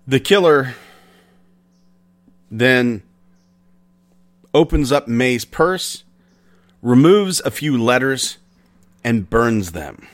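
A man in a middle register tells a true-crime tale for his podcast. He talks slowly and conversationally, pausing between phrases as the story unfolds. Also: medium pitch, animated. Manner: unhurried, conversational retelling with pauses. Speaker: podcast host.

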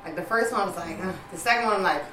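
A woman's voice: lowish voice, racing. A woman chatting casually, telling blunt stories in a nonchalant way. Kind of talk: casual chat. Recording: roomy, distant mic, faint background noise.

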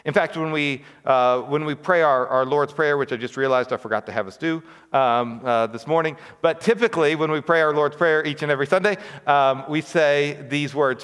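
A man's voice: on the high side, moderate pace, few pauses, a bit bright, clear, resonant tone. A man preaching a sermon as pastor, talking conversationally with frequent rhetorical questions and asides. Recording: long reverb of a large hall.

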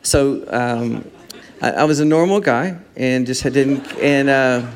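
A man's voice: mid-range voice, a little slow, slight background noise. A middle-aged man, a worship leader telling stories in an interview, often laughing at himself. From Texas. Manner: laughing, self-deprecating storyteller. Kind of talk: interview chat.

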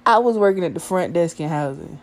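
A woman's voice: fairly low pitch, lively intonation, a little slow. A woman in her twenties telling a casual, profane story with lots of slang.

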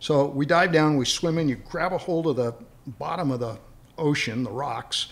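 A man's voice: fairly high pitch, normal speed, vocal fry. A man casually telling a long anecdote in a rambling way, often repeating words as he starts a thought. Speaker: guest storyteller.

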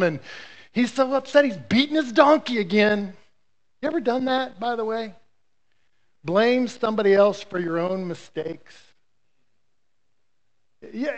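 Animated, high-voiced male pastor preaching. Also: highs cut off. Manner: animated storytelling with playful asides. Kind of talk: sermon.

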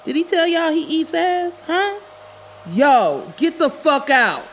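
A woman voicing a brash, crude male barber who talks in a loud, jeering, profane way. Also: high voice, sing-song, slow pace, a little hiss or hum, pitched above the performer's own voice, exaggerated voice, rough recording.

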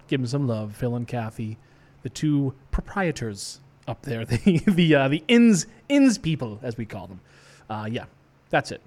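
A man's voice: medium pitch, lively intonation, a little slow, darkish tone. A male radio DJ, rambling casually and joking about himself between songs in a small studio. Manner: rambling, self-joking, loose. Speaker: radio DJ host. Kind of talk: casual live radio chat.

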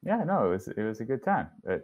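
A man's voice: mid-range voice, sing-song, fast, darkish tone, muffled recording. A young man, a student, appearing as a guest on a casual podcast and making dry jokes. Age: young adult. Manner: dry joking.

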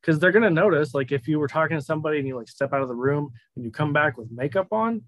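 Male game master, casual and loose, mid-pitched, dry sound. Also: expressive, fast talker, no room sound, poor audio. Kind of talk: narrating a tabletop game.

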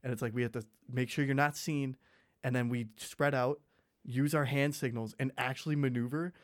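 A man's voice: mid-range voice, steady tone, moderate pace. A young man in casual chat, telling rambling school stories full of fillers and laughter.

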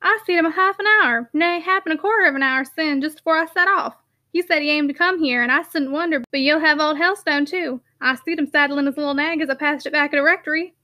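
A woman voicing a large, rough middle-aged constable with a broad Yorkshire dialect, talking slowly and homely. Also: sits high, bright, forceful tone.

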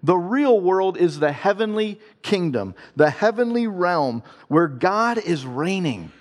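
With a high, expressive voice, a man from Ohio takes his time telling a personal faith story as a father. Earnest and conversational, he laughs at himself while turning it into a devotional talk.

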